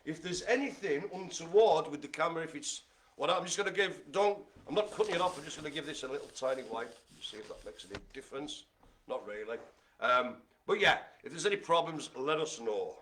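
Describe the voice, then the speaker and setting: A middle-aged man hosting a live bingo game, chatty and jokey, speaking to his audience as ladies and gentlemen. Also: fairly high pitch, lively intonation, fairly quick, slight background noise. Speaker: bingo caller and host.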